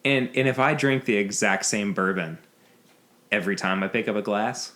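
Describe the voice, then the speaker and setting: Low-voiced man hosting a podcast. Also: normal speed, a bit bright. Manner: rambling, laughs often, restarts. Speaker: podcast host. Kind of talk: casual chat.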